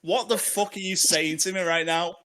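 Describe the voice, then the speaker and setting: Bloke on a podcast, high bright voice bouncing all over, swearing and ranting for laughs. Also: male voice, steady tone, normal speed. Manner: loud, swearing, mock-outraged ranting with laughter. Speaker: podcast co-host. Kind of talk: casual chat. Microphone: home office mic.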